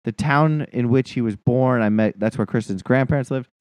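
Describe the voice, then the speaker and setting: A man's voice: medium pitch, normal speed, smooth, dry recording. A man in his thirties co-hosting a casual podcast, ranting with lots of swearing. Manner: animated, swears a lot, rants. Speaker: podcast co-host. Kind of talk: casual profane chat.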